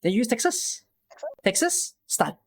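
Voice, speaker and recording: A man talks through a strategy game, his pitch rising and falling in a very animated way. He keeps checking in with quick rhetorical questions as he coaches a viewer step by step. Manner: explains patiently with many rhetorical questions.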